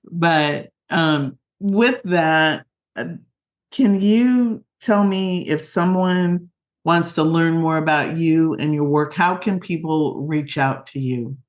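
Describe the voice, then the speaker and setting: Woman interview host, gentle and moved, slow unhurried delivery. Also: deep voice. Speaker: radio show host.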